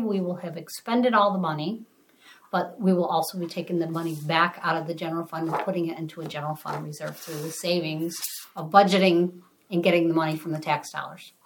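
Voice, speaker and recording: A woman's voice: on the low side, fairly even intonation, brisk, a little hiss or hum, poor audio. A woman who is a town finance official, explaining the budget step by step at a public meeting. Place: town board meeting room.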